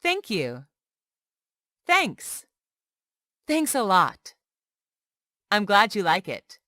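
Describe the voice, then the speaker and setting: A woman reading short everyday English phrases aloud one by one, clearly and carefully, as a language lesson. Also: medium pitch, huge pitch swings, drawn-out words, sharp tone, dry recording, studio quality. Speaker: English teacher.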